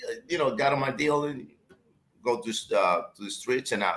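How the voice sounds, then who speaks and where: A man with a tired, hoarse voice, telling a story in a casual chat as a guest commentator and repeating his words as he goes. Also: a little high, normal speed. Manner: animated storyteller, repeats words, calls listener brother.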